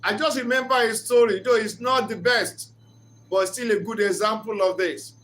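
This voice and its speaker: A man's voice: sits high, normal speed, fairly bright tone. A man giving an earnest, preacher-like reflective talk on marriage, mixing in story retellings. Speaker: speaker of a reflection channel.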